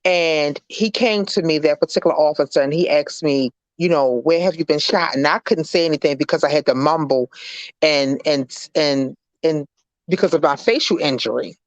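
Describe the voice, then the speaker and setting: A woman, a guest on an interview show, recounting a personal ordeal in earnest, halting, faith-filled words. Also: low voice, dry recording. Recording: dry, dull lo-fi recording.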